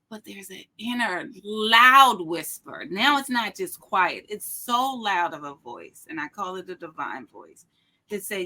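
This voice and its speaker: A middle-aged woman guest telling an inspirational personal story with an animated, emphatic, preacherly delivery. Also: medium pitch, a little slow. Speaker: podcast guest.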